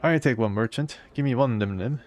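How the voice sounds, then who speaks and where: A man's voice: medium pitch, a little fast, darkish tone. A man casually playing through a video game, reading its text aloud and chatting about it. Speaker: gamer.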